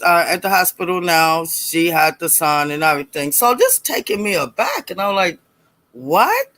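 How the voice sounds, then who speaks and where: A middle-aged woman telling a personal story in a casual, animated way, acting out voices and laughing as she goes. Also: medium pitch, no echo. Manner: animated, acts out quoted voices, laughs often.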